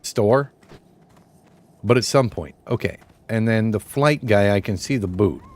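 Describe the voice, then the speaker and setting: A man's voice: fairly low pitch, a little slow, darkish tone. A young man streaming a game live, chatting off the cuff with lots of swearing and jokes. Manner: profane, joking, off-the-cuff. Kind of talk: casual gaming live stream commentary.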